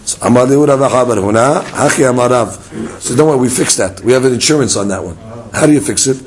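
A man's voice: mid-range voice, fast, a little hiss or hum, poor audio. Guy teaching talmud, acts out the back and forth, keeps asking so what, how do you know. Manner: lively, acts out dialogue and fires rhetorical questions. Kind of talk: Talmud study lesson.

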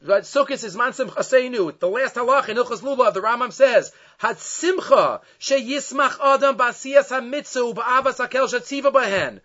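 A man with a notably high voice teaches a Torah lecture as a rabbi. He tells it with animation, weaving Hebrew verses into his English. The recording sounds dull and lo-fi. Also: normal speed, hardly any pauses, pushed and bright.

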